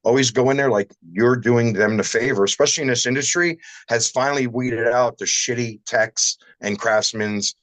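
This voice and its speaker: A man's voice: medium pitch, moderate pace, hardly any pauses, a bit bright, dry recording, low-quality recording. A man who runs a shower door shop, chatting casually on a livestream and telling rambling anecdotes with some salty language.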